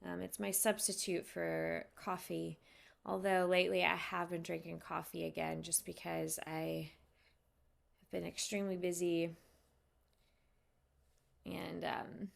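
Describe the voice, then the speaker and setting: A woman who teaches yoga, chatting casually with viewers on a live stream, unhurried and loose with fillers and restarts. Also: fairly low pitch, level tone, creaky.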